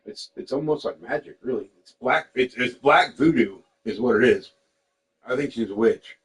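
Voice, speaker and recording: A man's voice: medium pitch, normal speed, low-quality recording. Profane, candid man telling stories casually. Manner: candid and profane, quotes people in lively voices. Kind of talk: casual storytelling chat.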